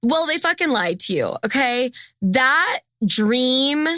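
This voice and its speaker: A young woman hosts a casual podcast, talking bluntly, swearing freely and teasing her co-host. Her voice is bright and forceful, a little higher than most. The sound is close and dry. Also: very animated, slow pace, no room sound.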